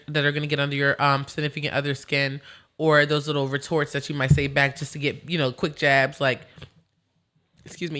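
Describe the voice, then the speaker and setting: A woman hosting a podcast, chatting in an animated, rambling way and laughing easily. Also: deep voice. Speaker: podcast host. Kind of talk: casual chat.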